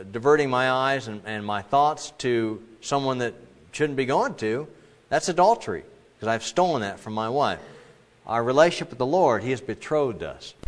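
A middle-aged male pastor preaching in an easy, conversational tone, at an ordinary pitch for a man. He sometimes acts out the voices of the people he quotes with sudden leaps upward. His voice carries the long reverb of a large hall. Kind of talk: sermon.

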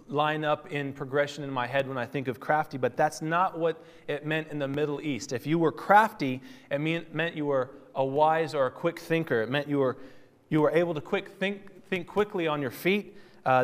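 A man teaches through scripture in a relaxed, teacherly way, stopping to correct himself as he goes. His voice sits a little high for a man. The sound rings with a long hall reverb. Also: normal speed. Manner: conversational, teacherly, with fillers and self-corrections. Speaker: Bible teacher. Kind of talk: sermon.

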